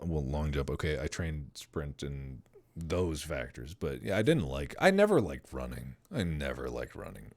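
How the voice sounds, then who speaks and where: A man with a very deep, swooping voice. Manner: animated storyteller who mimics people. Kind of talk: casual chat on a sleepy stream.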